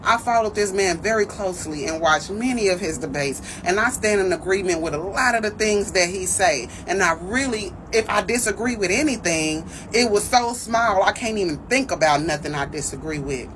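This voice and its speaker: A woman with an ordinary, middle-pitched voice speaks earnestly in a social media opinion video. She talks steadily and from the heart. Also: lively intonation, moderate pace, few pauses, slight background noise, rough recording.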